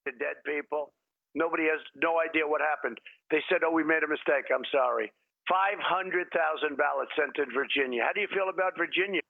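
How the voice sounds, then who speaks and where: A man's voice: fairly high pitch, fairly even intonation, fairly quick, vocal fry. Rambling man on a tinny phone line. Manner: rambling, repetitive, emphatic. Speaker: phone-in interviewee. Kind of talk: phone interview on TV.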